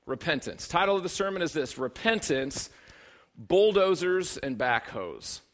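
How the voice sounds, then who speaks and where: Conversational pastor with a higher voice. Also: male voice, animated, unhurried, fairly bright tone. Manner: conversational and humorous, with rising emphatic bursts. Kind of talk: sermon.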